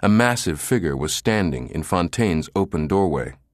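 A man narrating an audiobook in a steady, measured way. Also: low-pitched, no echo, studio quality.

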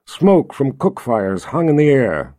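A man narrating a fantasy novel in an expressive, storytelling voice. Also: medium pitch, unhurried, dry recording, studio quality. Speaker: audiobook narrator. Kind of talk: scripted narration.

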